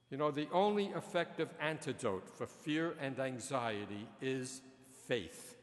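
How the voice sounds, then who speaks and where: A man preaching a sermon as a priest, telling stories and jokes slowly and chuckling at his own punchlines. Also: medium pitch, lively intonation. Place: large church. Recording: long church reverb.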